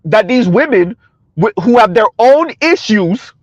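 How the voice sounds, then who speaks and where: High-voiced man ranting sarcastically. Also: lively intonation, unhurried, no echo, muffled recording. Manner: combative, sarcastic, repetitive; laughs between points. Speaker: commentary vlogger. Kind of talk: opinion rant to viewers.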